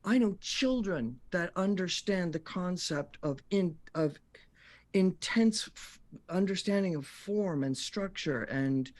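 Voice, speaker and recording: A man's voice: high-pitched, takes it slowly. A man who works as a voice actor, telling stories as a guest on a talk show and acting out the voices of the people he quotes. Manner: animated storyteller who acts out quoted voices.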